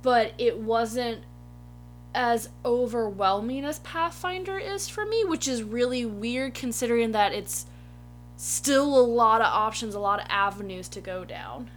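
A woman in casual chat about a tabletop game she plays, talking in quick restarts. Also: fairly high pitch, a bit bright, a little hiss or hum. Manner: chatty, self-correcting restarts. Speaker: player.

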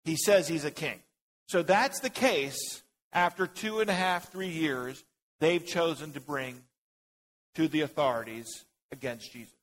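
A man leads a Bible study in a church classroom, talking casually to his group. His voice sits a bit high for a man, and he jokes, thinks aloud and calls on people by name. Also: unhurried, fairly bright tone, slight background noise, low-quality recording.

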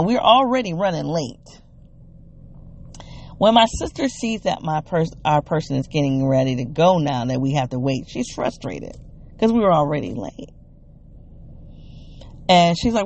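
Vlogger narrating a personal story with animated quoted dialogue, gravelly fry and a mellow, dark tone. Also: medium pitch, slight background noise. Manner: animated retelling with quoted dialogue, many "you know"s and restarts.

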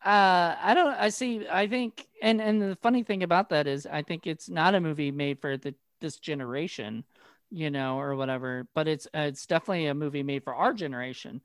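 A man's voice: on the high side, clean tone, dry recording. Guy cohost laughing and stumbling through movie talk, dry mic. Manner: laughing often, halting, filler-heavy. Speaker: podcast co-host. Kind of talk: casual movie chat.

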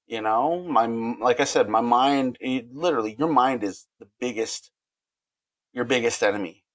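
A man appears as a podcast guest in candid interview talk, earnest and halting, often restarting his sentences. His voice is mid-range, and there's no echo.

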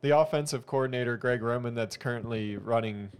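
A man's voice: mid-range voice, brisk, clear, resonant tone. A man co-hosting a podcast, chiming in with dry, wry remarks during casual chat. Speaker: podcast co-host.

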